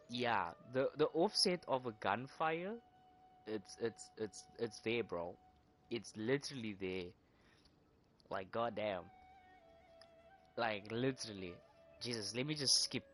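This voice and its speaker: Low-voiced, swearing gaming streamer woman. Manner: profane, joking, mock-indignant; rambling with repeated words. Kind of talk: casual gaming commentary.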